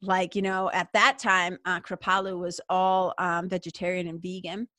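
A woman's voice: lowish voice, level tone, normal speed, bright, forceful tone, no room sound. Chatty upbeat New woman. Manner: chatty and upbeat, peppered with "like" and laughs. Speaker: podcast host. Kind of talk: casual spiritual talk.

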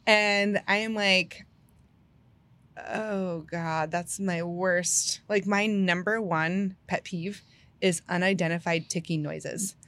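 A woman telling a personal story in a casual podcast chat, animated and full of "like" fillers, laughing often. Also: on the low side, takes it slowly.

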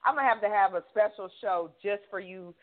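A woman's voice: medium pitch, brisk, crowd noise. Chatty woman host on a phone line. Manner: chatty, curious, self-correcting. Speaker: radio show host. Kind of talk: casual interview chat.

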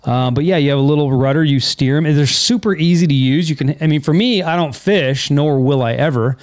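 A man's voice: fairly high pitch, fairly quick, no room sound, clean studio sound. A man hosting a podcast in casual chat, rambling and correcting himself with enthusiasm. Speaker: podcast host.

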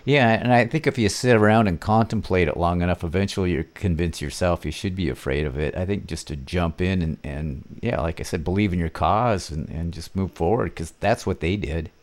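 Older man, deep voice, relaxed host, casual chat. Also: a little fast, hardly any pauses.

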